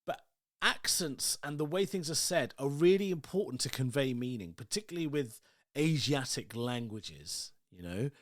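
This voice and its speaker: Guy rambling on his own podcast, lots of like and you know, mid pitch, dead dry sound. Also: expressive, moderate pace, dry recording. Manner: rambling, chatty, many asides and "like"s. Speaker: podcast host. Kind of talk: casual solo monologue.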